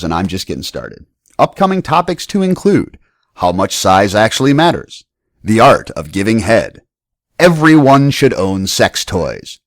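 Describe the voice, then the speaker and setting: Man, deep voice, lively swings in pitch, blunt and profane, dry close sound. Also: no echo. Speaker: podcast host. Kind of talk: scripted monologue.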